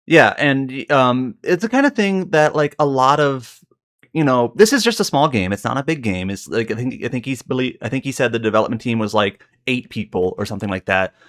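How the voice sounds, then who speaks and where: A man's voice: medium pitch, lively intonation, fairly quick, fairly bright tone. Rambling man recounting on a podcast. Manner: rambling, heavy on fillers and self-corrections. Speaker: podcast co-host. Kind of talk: casual podcast chat.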